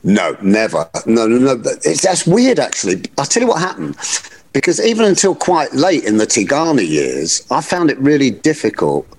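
A man's voice: mid-range voice, moderate pace, slightly rough, rough recording. Middle-aged guy guesting on a pod, bouncy up-and-down voice, swears a lot, laughs at himself. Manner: swearing, animated and self-mocking. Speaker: podcast guest. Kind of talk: casual storytelling chat.

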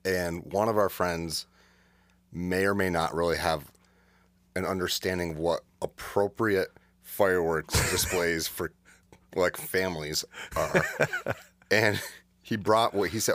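A man's voice: sits low, steady tone, unhurried, pauses often, a bit bright, dry recording. A man co-hosting a podcast, chatting casually and laughing often as he tells a story. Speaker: podcast co-host. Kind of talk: casual chat.

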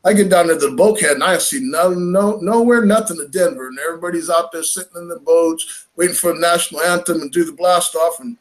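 Man, high voice, animated storyteller who laughs as he goes. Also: brisk. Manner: animated, laughing, acts out quoted lines. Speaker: fishing tournament angler. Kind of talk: casual storytelling.

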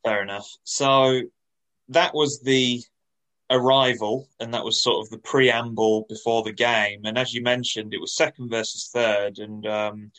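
A man co-hosting a podcast in casual chat, measured and dryly teasing. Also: medium pitch, steady tone, fairly bright tone, poor audio. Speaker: podcast co-host.

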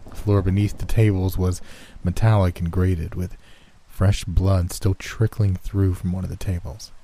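A man narrating a first-person horror story in a steady, scripted storytelling manner. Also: sits low, measured pace, slight background noise.

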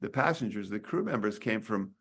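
A man over sixty talks in a low, easygoing voice, wandering through his anecdotes. He stops and restarts often, hunting for words. It is casual interview chat rather than a prepared speech. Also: animated, a bit bright, breathy edge. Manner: rambling, halting, many restarts. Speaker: author and doctor.

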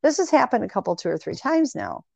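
A woman's voice: on the high side, quick pace, vocal fry, no echo. Chatty woman telling rambling stories. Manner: animated, rambling anecdotes with quoted dialogue. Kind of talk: casual storytelling chat. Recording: dry, dull lo-fi sound.

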